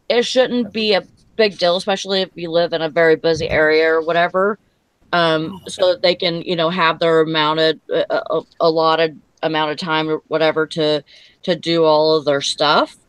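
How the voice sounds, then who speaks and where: A woman's voice: lowish voice, little pitch movement, normal speed, clear, resonant tone, dry recording, rough recording. A woman hosting a live talk show, rambling with lots of fillers. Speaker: host. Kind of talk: casual chat.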